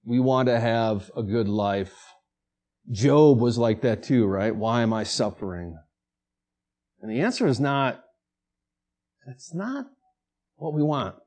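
A man preaching a sermon as pastor in a conversational way, mixing self-deprecating humor with passages he drops to hushed, quiet tones. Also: mid-range voice, very animated, slow pace, long pauses.

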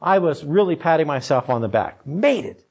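A man's voice: fairly high pitch, animated, a little fast, darkish tone. Man preaching through a funny personal story. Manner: storytelling, self-deprecating humor, conversational. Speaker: pastor. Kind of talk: sermon.

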